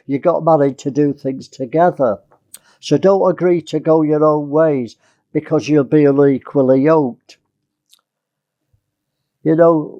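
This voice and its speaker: A man's voice: on the high side, dark tone, lo-fi sound. A male preacher giving a conversational sermon, asking his listeners rhetorical questions.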